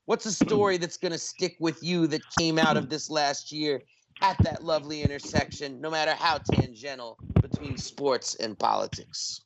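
A man's voice: fairly high pitch, normal speed, heavy background noise. A man co-hosting a community radio show, making an upbeat pledge-drive appeal for donations. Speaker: radio co-host.

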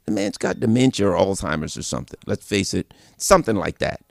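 A man hosting a political commentary show, delivering an animated opinion monologue full of repeated points and rhetorical questions. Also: low-pitched, a little fast, creaky, no echo.

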